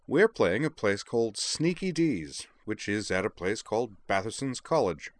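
A man's voice: lively intonation, moderate pace, lightly acted. A man voicing a fussy, breezy, evasive chatterbox with a chipper, clipped way of talking. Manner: chipper, clipped, rising pitch.

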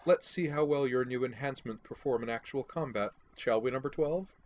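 A man voicing a cold, scornful female villain commander who gives sharp orders in an audiobook reading. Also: medium pitch, very animated, measured pace, voice pushed up. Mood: sharp, commanding.

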